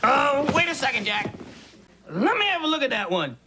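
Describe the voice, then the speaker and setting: A man's voice: extremely high pitch, sing-song, moderate pace. An actor voicing a sarcastic, foul-mouthed male stuffed bunny who trades caustic, mocking insults. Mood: leering. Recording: sitcom audio with loud laugh track and noise.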